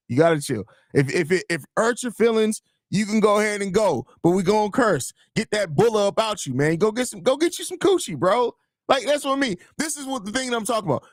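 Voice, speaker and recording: Casting: young guy, podcast host, high voice, loose profane banter, dry close mic. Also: dry recording. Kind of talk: casual live-stream chat.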